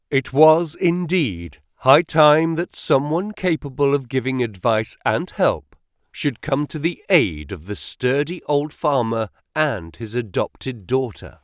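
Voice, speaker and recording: A male audiobook narrator reading a classic novel slowly and with a lively rise and fall. The recording is dry and close-miked, with no room sound. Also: mid-range voice, dry recording. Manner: measured and expressive.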